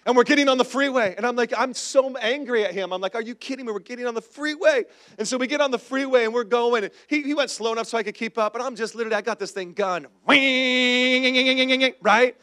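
A man's voice: very high-pitched, quick pace, few pauses, fairly bright tone. A man in his forties, a pastor telling a humorous personal story in a sermon and calling out to the congregation.

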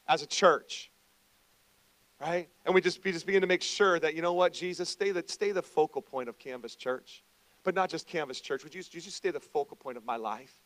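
A middle-aged male pastor giving a conversational sermon, moving between quiet asides and loud emphatic stretches. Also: on the high side, dry recording.

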